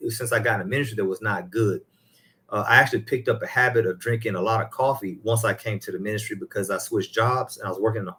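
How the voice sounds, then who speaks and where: Low-voiced rambling church elder, man. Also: a bit bright. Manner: rambling, exclaims hallelujah. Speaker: ministry elder guest. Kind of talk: casual faith discussion.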